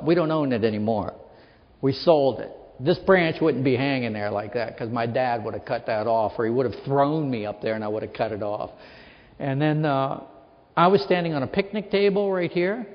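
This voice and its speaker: A man from Western Pennsylvania giving a lecture as an author, telling humorous anecdotes and acting out the people in them. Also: fairly high pitch. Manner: anecdotal, acts out quoted people in his stories. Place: lecture hall. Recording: reverberant hall, dull lo-fi sound.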